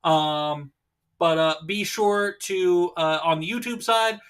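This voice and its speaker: Guy hosting a chill livestream, bright voice, reads chat out, jokes around. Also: high voice, slow, clean tone. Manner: teasing, laughs often. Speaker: host. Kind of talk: casual livestream chat, reading chat aloud.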